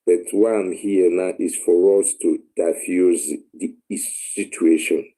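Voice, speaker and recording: A deep, very dark-toned Nigerian man speaks as a caller in a live online discussion. He talks in a measured, halting way, pausing on fillers as he makes an earnest appeal. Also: steady tone, poor audio. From Edo State, Nigeria.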